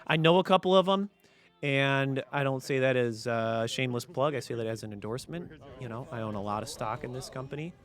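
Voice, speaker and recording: A young man hosting his own podcast, rambling through a casual comedic monologue with deadpan sarcasm. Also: medium pitch, brisk, faint music behind. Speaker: podcast host.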